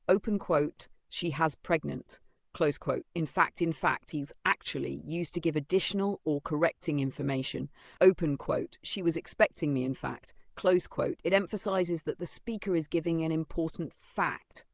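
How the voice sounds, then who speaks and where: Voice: mid-range voice, creaky, no echo. A teacher giving a methodical English vocabulary and grammar lesson, defining each word, giving example phrases and reading punctuation aloud. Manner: reads out punctuation like open quote and close quote.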